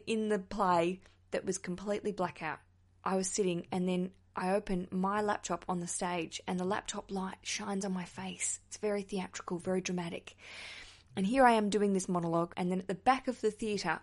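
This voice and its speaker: Chatty Australian woman podcaster. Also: mid-range voice. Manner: chatty, joking, answers listener questions. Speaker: podcast host and stand-up comedian. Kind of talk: casual chat podcast.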